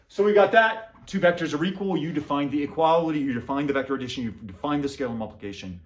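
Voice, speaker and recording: A man's voice: a little high, fast talker, few pauses. A man gives a math lecture in a room with a lot of echo. He repeats himself often, mutters as he writes, and makes playful asides to his students. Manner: repeats phrases, jokes with students, talks to himself while writing. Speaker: math professor. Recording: roomy echo.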